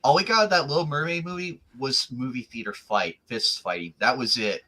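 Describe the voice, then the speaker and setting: A man's voice: mid-range voice, a little fast, bright, forceful tone. A man co-hosting a casual podcast chat, playful and teasing. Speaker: podcast co-host.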